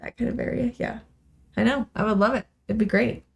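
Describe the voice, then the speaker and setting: A woman's voice: a little high, steady tone, fairly quick, vocal fry, dull audio. A woman co-hosting a reaction video, chatting in an easy, agreeable way. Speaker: co-host. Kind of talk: casual chat.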